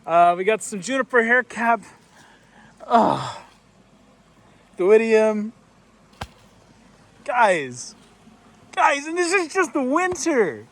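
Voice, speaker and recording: A young man vlogging outdoors in a rocky gorge, awestruck and excitable, swearing freely as he talks. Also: extremely high pitch, takes it slowly, long pauses. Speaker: nature vlogger. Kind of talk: casual outdoor vlog narration.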